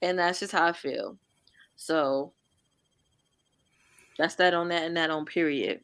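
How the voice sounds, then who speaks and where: A woman on a live book discussion panel, talking in an animated, blunt way and swearing freely. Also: low-pitched, measured pace, clear, resonant tone, no echo.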